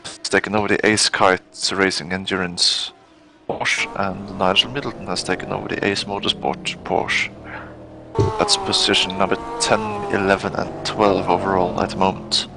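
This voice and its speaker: Male race commentator, low gravelly voice, lively intonation, engine noise behind. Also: normal speed. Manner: running race updates, names and positions.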